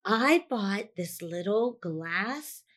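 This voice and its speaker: A woman's voice: medium pitch, expressive, very slow. A woman co-hosting a casual podcast chat, talking easily and reading ad copy in an upbeat way. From United States. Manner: chatty, reads ad copy in a bright upbeat way. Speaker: podcast co-host.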